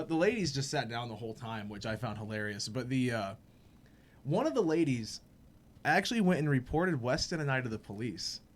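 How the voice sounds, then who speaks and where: A young man on a podcast telling a funny story in casual chat, animated and laughing, acting out the people he quotes. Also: medium pitch. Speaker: podcast host.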